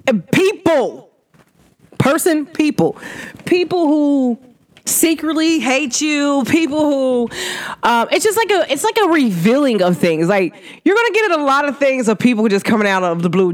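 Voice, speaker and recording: A chatty spiritual reader gives a casual energy reading straight to the listeners. The voice sits in a middle pitch but swings widely up and down, with drawn-out hums between thoughts and sudden high jumps into laughter. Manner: chatty and animated, addresses listeners directly.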